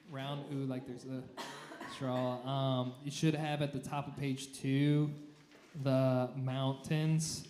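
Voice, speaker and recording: A man's voice: medium pitch, fairly even intonation, slow pace, a little mellow, slight background noise. A man leading choir rehearsal, talking through notes and singing short phrases to demonstrate. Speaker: choir director. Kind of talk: rehearsal instruction. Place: church room. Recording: echoey room.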